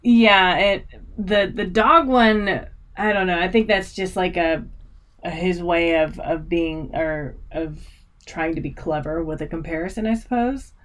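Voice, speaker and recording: A woman with a notably low voice joins a relaxed book conversation. She pauses often, fills gaps with ums, and restarts her sentences as she shares her views. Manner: hesitant, lots of ums and restarts. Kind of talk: casual book discussion.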